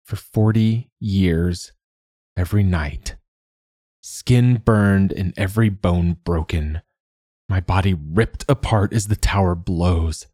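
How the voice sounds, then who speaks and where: Man doing a hard-bitten swordswoman, husky and low, curt orders, storybook reading. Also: slow, warm tone, no echo, clean studio sound. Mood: bitter. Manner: curt, commanding. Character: stern weary woman warrior, cursed.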